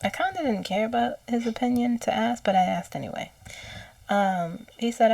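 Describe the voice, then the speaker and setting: A woman recounting channeled messages in a casual, halting way, with frequent fillers and quoted lines. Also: fairly high pitch, creaky, darkish tone, no echo, recorded from a distance. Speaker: psychic channeler.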